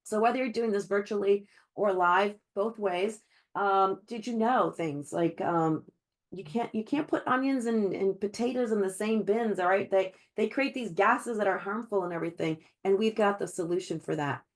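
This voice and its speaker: A woman's voice: mid-range voice, normal speed. A woman giving an encouraging sales team training over a video call, chatty and full of fillers. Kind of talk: virtual team training talk.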